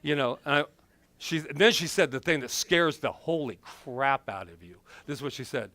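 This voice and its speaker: A middle-aged man and minister giving a playful, animated sermon full of personal stories. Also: medium pitch, moderate pace. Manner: animated, playful, acts out quotes.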